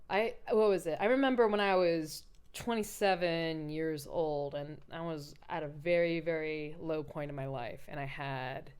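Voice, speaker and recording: A woman co-hosting a podcast, telling candid, profane stories in casual chat with animated swings. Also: low-pitched, normal speed, few pauses, clean tone. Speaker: podcast co-host.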